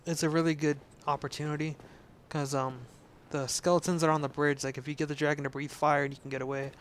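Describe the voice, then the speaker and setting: A man's voice: a little high, level tone, brisk. Jittery young man with a sore throat. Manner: jittery, chatty, swears. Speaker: let's play host. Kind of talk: casual gameplay commentary.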